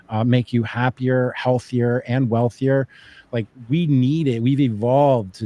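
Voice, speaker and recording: Mellow-voiced man thinking out loud. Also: mid-range voice, no room sound. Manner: animated, thinks aloud with many fillers and restarts; acts out quoted voices for emphasis. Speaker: podcast guest. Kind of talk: casual conversational chat.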